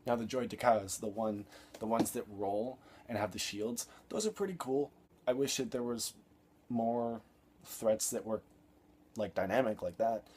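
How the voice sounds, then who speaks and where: A man's voice: on the low side, a little mellow, slightly rough. A young man reviewing a film in an exasperated, sarcastic rant, swearing freely.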